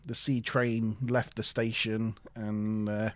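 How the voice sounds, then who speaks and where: A man's voice: on the low side, flat delivery, slow pace, no echo. A man co-hosting a casual review show, recapping an episode with playful voices for the characters. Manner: recaps plot with playful quoted voices and laughs. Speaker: podcast co-host.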